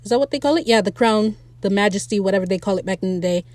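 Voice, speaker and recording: A young woman hosting a casual, opinionated TV recap, blunt and animated and quick to laugh. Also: mid-range voice, no echo. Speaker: podcast host recapping a TV episode.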